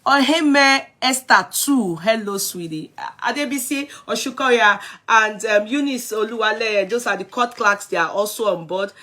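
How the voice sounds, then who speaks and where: A woman's voice: fairly high pitch, normal speed, few pauses, bright, forceful tone. A middle-aged Nigerian woman hosting a live stream, greeting viewers by name in a chatty way and slipping into Yoruba phrases. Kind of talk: casual live-stream chat.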